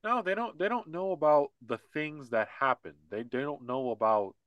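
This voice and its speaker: A man's voice: on the high side, normal speed, no echo, highs cut off. A man co-hosting a casual political podcast, talking in a heated, repetitive rant. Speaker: podcast co-host.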